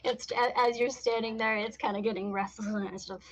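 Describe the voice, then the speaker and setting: A woman's voice: on the high side, steady tone, fairly quick, poor audio. A middle-aged woman narrating as game master, laughing often and restarting her sentences.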